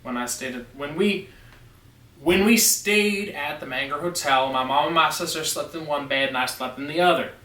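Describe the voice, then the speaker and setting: A man tells a story with emphatic, insistent conviction in a bright, forceful voice. His voice sits a little high for a man. He is recorded in an echoey room, some distance from the mic. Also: moderate pace. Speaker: vlogger. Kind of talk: storytelling vlog.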